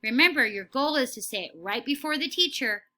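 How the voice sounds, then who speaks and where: A woman teaching a phonics lesson to young children, speaking slowly and clearly and giving steady encouraging praise. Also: sits high. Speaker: kindergarten teacher.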